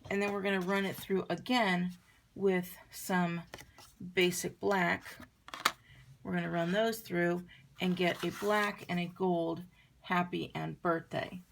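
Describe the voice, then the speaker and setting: A woman with a lowish, gravelly voice walks viewers through a card-making project at an unhurried pace. She chats casually as she works, with a little hiss of noise behind her. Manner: chatty, relaxed, talks while working. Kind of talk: crafting tutorial demonstration.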